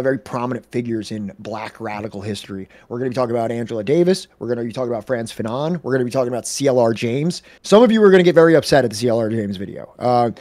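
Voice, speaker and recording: A man of middle pitch chatting on a stream, rambling through fillers and restarts. His voice is close to the mic in a dry room. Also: a little mellow, dry recording. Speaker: co-host of a reading stream. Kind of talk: casual chat.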